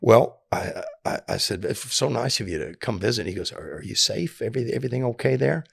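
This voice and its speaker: A man's voice: mid-range voice, a little fast, vocal fry, husky, no room sound, studio quality. A middle-aged man telling a story in casual talk, acting out the people in it with many repeats and restarts. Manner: animated, acts out quoted voices, repeats and restarts often. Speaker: podcast guest telling his prison story.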